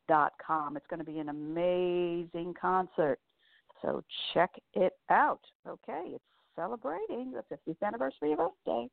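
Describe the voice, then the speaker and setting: Sex: woman. Role: host, gravelly and chatty. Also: on the low side, no echo. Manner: chatty, scattered, apologetic. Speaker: talk show host. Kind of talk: casual live show chat. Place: New York. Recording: dry, tinny phone-like sound.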